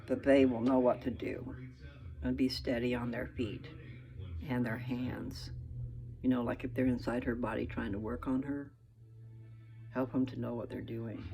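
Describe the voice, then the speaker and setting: A woman's voice: very deep voice, gravelly, darkish tone, rough recording. A woman vlogger in her kitchen, talking casually and folksily to her viewers and often checking in with "okay?".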